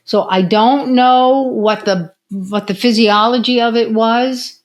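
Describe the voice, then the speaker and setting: A woman's voice: fairly high pitch, slow pace. An older woman, a retired physical therapist, telling stories in a casual interview and acting out the voices of people she quotes. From United States. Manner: animated storyteller who acts out quotes.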